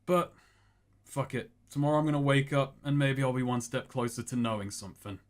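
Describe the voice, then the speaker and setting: A man voicing a withdrawn former village brawler who talks in a flat, weary way and swears. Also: mid-range voice, fairly quick, close to an everyday voice. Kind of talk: in-character tabletop role-play.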